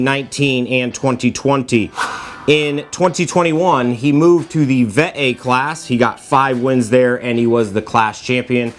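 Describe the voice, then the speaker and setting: A man hosting a racing preview video in a playful, teasing, self-mocking way. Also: medium pitch. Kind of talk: joking sports-preview vlog.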